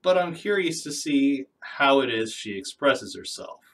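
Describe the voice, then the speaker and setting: A man's voice: medium pitch, sing-song, a little slow, a bit bright, far from the mic. A man giving critical, skeptical commentary in a reaction video.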